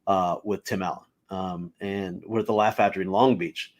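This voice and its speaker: A young adult man, a stand-up comedian guest, telling casual anecdotes in an animated way, full of fillers and acted-out quotes. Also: low-pitched, normal speed. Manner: animated, filler-heavy, acts out quoted voices.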